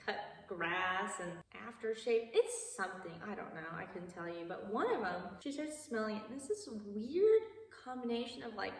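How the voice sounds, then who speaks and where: A woman's voice: medium pitch, lively intonation, moderate pace, hardly any pauses. Chatty young woman, echoey and distant. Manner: chatty, many "like"s and asides, laughs often. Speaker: video creator. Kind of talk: casual movie plot recap. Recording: echoey hall from far off.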